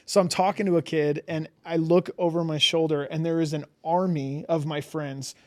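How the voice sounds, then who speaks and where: A man telling a story as a podcast guest in a casual, animated way, full of "like" fillers and acted-out reactions. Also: on the high side, normal speed. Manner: animated, many "like" fillers, acts out his own reactions.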